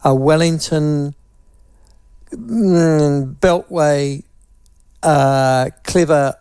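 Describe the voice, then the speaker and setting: A man's voice: on the high side, extremely slow, pauses often, darkish tone, clear, resonant tone, dry recording, clean studio sound. A man with a New Zealand accent hosting talkback radio, teasing apart a phrase with wry, mocking repetition. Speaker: talk radio host.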